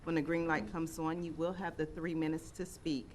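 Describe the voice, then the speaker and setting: A woman serving as city clerk, reading meeting procedure and ordinances in a measured, formal way. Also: deep voice, flat delivery, a little mellow, a little hiss or hum. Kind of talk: formal reading of agenda items.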